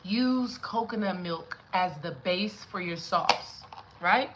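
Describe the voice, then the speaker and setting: A woman's voice: lowish voice, takes it slowly, a bit bright, a little hiss or hum, rough recording. A young adult woman cooking at home on camera, chatting casually with her viewers, singing along to songs and laughing as she goes. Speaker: spiritual coach cooking on camera. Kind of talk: casual cooking vlog chat.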